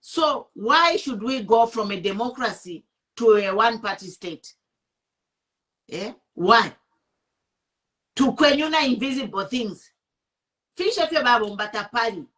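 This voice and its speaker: A woman's voice: on the high side, a bit bright. A woman with a Zambian accent, hosting an online show and giving impassioned political commentary, indignant and switching between English and Bemba.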